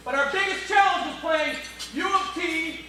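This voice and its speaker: A man's voice: very high voice, normal speed, sharp tone. A middle-aged man, a football coach, giving a humorous induction speech full of anecdotes. He speaks into a corded microphone at an awards banquet. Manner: jokey storyteller, acts out dialogue. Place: banquet hall at an awards ceremony. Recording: echoey hall, voice from a distance.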